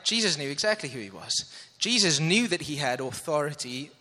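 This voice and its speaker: A man's voice: on the high side, sing-song, brisk, sharp tone, big-room sound. A man preaching a sermon in an earnest manner, checking that listeners follow and reading scripture aloud. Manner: earnest, asks audience to follow along.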